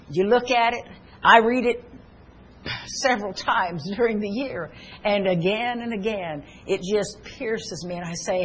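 An older woman delivers a sermon in an earnest, personal way. She weaves scripture together with stories from her own family. A faint noise sits behind her voice. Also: medium pitch. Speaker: preacher.

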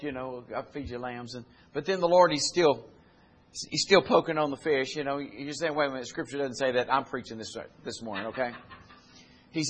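A man preaching a sermon, retelling scripture in plain folksy speech and building to loud, climbing exhortation. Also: medium pitch.

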